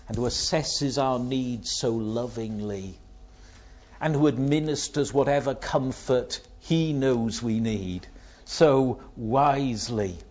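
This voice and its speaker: Slow, husky preacher. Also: male voice, mid-range voice, a little mellow. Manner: asks rhetorical questions, tells illustrative stories. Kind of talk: sermon. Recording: dull lo-fi recording.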